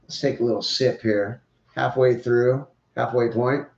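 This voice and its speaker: A man's voice: medium pitch, fairly even intonation, unhurried, creaky, darkish tone. Male podcast host, casual opinionated football rant, dull lo-fi echoey room sound. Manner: opinionated, rambling, joking. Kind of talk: casual sports commentary.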